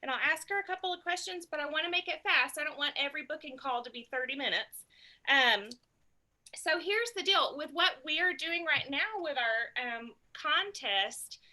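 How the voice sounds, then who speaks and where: High bright woman, bubbly, laughs a lot, thinks aloud with ums, casual group chat. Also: animated, moderate pace. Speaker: sales consultant giving booking tips.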